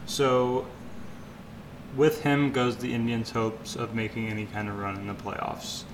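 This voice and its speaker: Male co-host, mid voice, laid-back sports talk, clear background noise. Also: medium pitch, flat delivery, measured pace. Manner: laid-back, talks through sports analysis. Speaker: podcast co-host. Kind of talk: casual sports podcast chat. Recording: noisy background.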